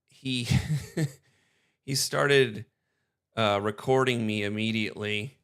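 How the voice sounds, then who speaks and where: A man's voice: on the low side, pushed and bright, smooth. A young man casually telling a story to camera, rambling and hesitant, often chuckling between phrases.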